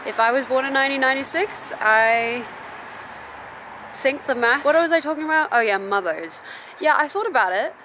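A woman's voice: high voice, animated, normal speed, sharp tone, a little hiss or hum, rough recording. A woman in her twenties chatting casually to camera, bubbly and rambling. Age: 20s. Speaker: vlogger. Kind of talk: casual vlog chat.

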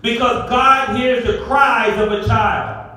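High-voiced preacher echoing in a hall. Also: male voice, fairly even intonation, slow. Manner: preaching with call-and-response, rising to shouts. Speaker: pastor. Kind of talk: sermon. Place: church sanctuary. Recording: echoey hall, far from the mic.

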